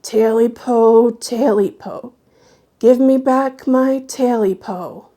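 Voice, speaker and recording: A woman reading aloud, voicing a menacing swamp creature that speaks low. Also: takes it slowly, dark tone.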